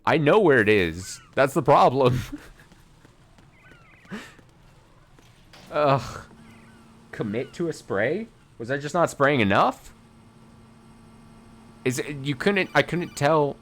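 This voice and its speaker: Lively exasperated male game streamer. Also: mid-range voice, slow pace, pauses often. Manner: exasperated, swearing, talking to himself. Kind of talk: live gameplay commentary.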